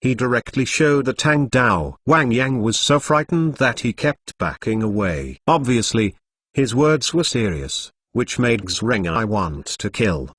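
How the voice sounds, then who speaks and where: A man's voice: mid-range voice, expressive, measured pace, a bit bright, slightly rough, dry recording, clean studio sound. A man reading a translated novel aloud as scripted narration, reading spelled-out interjections letter by letter. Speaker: audiobook narrator.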